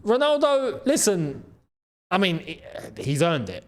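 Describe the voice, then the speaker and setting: A man hosts a football channel, chatting straight to his viewers in a loose, excitable way. His voice sits high and swings widely in pitch, rising sharply whenever something amazes him. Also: measured pace. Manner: animated, excitable, with frequent laughs and repeated phrases. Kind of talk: casual football commentary to camera. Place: in the Gulf region.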